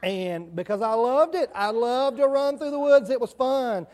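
A man with a country accent leads a children's sermon in a church sanctuary. His voice sits high, and he keeps it conversational, asking the kids questions and chatting with them as he goes. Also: normal speed, darkish tone. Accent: rural Southern US country.

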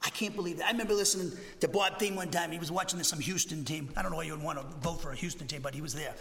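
A man in his sixties with a Boston accent preaches a Bible lesson in a conversational, restless way, breaking off and restarting as he goes. His voice is high and bright with a cutting edge. It carries through a church sanctuary with a long, lingering reverb. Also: rapid-fire, vocal fry. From Massachusetts. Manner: animated, conversational, with many restarts and asides. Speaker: pastor teaching a Bible class. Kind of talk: expository sermon lesson.

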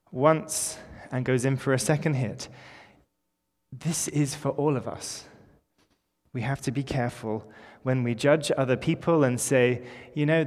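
A man's voice: medium pitch, darkish tone. A male pastor giving an informal, conversational sermon in a church, with light jokes. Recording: echoey church with long reverb.

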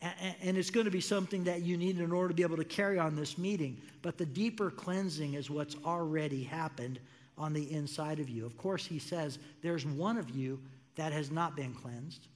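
Pastor guy preaching, high voice, big echoey church hall, gets lively doing quoted voices. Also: a little fast. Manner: animated, acts out quoted voices with rising pitch. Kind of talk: sermon. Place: church sanctuary.

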